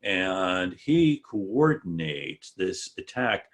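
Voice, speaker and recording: A man's voice: sits low, lively intonation, slow pace, breathy edge. A man giving an online history lecture over a video call, joking and correcting himself as he goes. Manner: digressive, joking asides, self-correcting.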